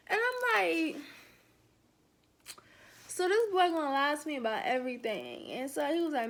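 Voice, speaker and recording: Woman, young adult, high voice, casual storytime vlog, animated, acts out dialogue. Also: brisk. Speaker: vlogger.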